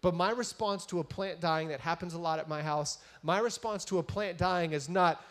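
A man's voice: sits high, normal speed, few pauses. A man giving a casual, joking sermon, retelling a story and often tagging his sentences with "right?".

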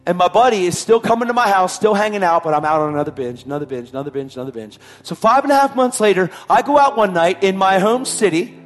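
A man's voice: high voice, lively intonation, fast talker, hardly any pauses. A man telling his personal testimony in an emphatic way, repeating his phrases for weight. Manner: emphatic, repetitive storytelling. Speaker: testimony speaker.

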